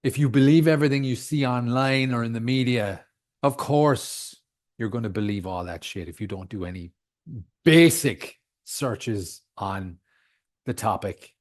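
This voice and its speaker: A man's voice: medium pitch, unhurried. Ranting, swearing podcast host man. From outside the United States. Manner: heated, swearing, emphatic. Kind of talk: solo podcast rant.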